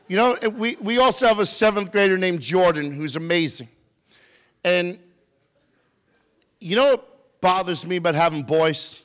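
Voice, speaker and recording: Male speaker, high-pitched, teasing comic talk to youth, long hall reverb. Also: animated, unhurried, long pauses, fairly bright tone. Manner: playful, teasing, joking with audience members. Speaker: motivational speaker. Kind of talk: comedic motivational talk to a youth audience.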